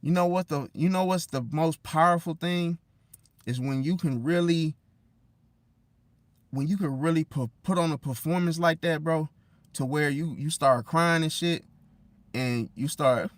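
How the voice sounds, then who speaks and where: A man giving casual relationship advice straight to the listener, slangy, calling them bro and swinging between loud and hushed. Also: fairly high pitch, a little slow, no room sound. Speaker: zodiac relationship commentator. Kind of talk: casual direct-to-camera advice rant.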